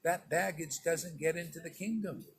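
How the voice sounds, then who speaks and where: A man preaching to his followers in a loose, conversational sermon, stern and emphatic. His voice sits a little higher than most men's. A steady hiss of background noise runs under the recording. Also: normal speed, vocal fry, poor audio. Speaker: spiritual teacher. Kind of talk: informal sermon to disciples.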